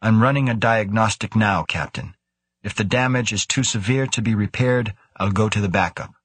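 A man reading as a calm, matter-of-fact crewman. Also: lowish voice, moderate pace, slightly rough, dry recording. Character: calm, precise male crew officer.

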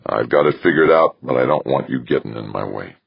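A man's voice: very deep voice, animated, a little fast, gravelly, slightly rough, no room sound, full character voice. A man voicing a sly, blunt older male smuggler, slangy and knowing. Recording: dull lo-fi recording.

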